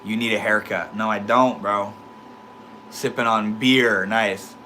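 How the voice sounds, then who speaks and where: A man's voice: lowish voice, steady tone, slow, bright, forceful tone, slight background noise. A young man with a slight lisp, talking casually to his livestream chat, laid-back and swearing freely. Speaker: livestream host reading chat.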